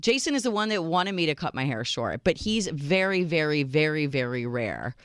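A woman's voice: low voice, sing-song, normal speed, smooth, no room sound, clean studio sound. A woman in her thirties co-hosting a talk radio show, chatting casually about relationships and reading listener emails aloud.

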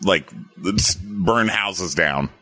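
A man chatting casually as a podcast guest, animated and campy, slipping into impressions of film characters. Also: low-pitched, very slow, no echo, soft background music. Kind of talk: casual chat.

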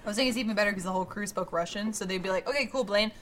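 A woman on a podcast talks very fast and drops quick jokes into the group chat. Her voice sits at a medium pitch. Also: fairly even intonation. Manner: quick, joking asides. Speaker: podcast co-host. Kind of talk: casual chat.

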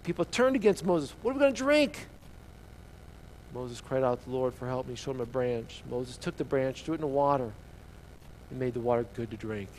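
A man preaching a sermon as an animated storyteller, swinging sharply from loud outbursts to hushed asides. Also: medium pitch, a little fast, a little hiss or hum, rough recording. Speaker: pastor.

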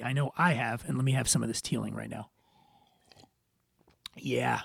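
A man's voice: mid-range voice, steady tone, normal speed, creaky, pauses often, husky, no echo, studio quality. A man from Philadelphia hosting a podcast, reading announcements and a scripted segment with wry jokes and filler words. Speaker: podcast host. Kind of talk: podcast monologue with housekeeping and scripted narration.

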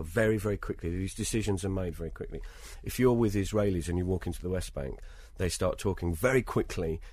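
Low husky British man telling stories. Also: no echo, studio quality. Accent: British English. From Britain. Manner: lively raconteur, acts out other people's lines. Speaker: interview guest, travelling performer. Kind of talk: conversational anecdotal storytelling.

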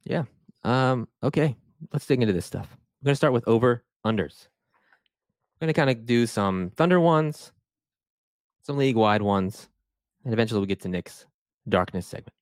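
A man's voice: medium pitch, expressive, normal speed, long pauses, no room sound, clean studio sound. A man hosting a casual sports podcast, talking animatedly and restarting sentences as he sets up topics. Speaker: podcast host.

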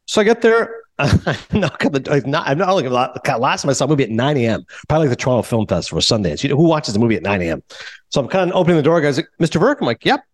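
A man who is a film critic and podcast host, telling a casual story and acting out the dialogue, then interviewing a guest. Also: medium pitch. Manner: animated, quick, acts out dialogue.

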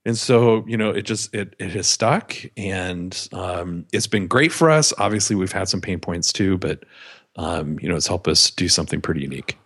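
Candid low-voiced man telling business stories. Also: expressive, moderate pace, a bit bright, slightly rough. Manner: candid, self-deprecating anecdotes. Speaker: business owner guest. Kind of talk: podcast interview storytelling.

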